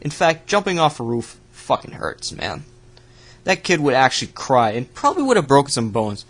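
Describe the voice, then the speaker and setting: A young man hosting a reaction video, giving sarcastic, profane commentary with loud outbursts. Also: medium pitch, sing-song, normal speed, a little hiss or hum.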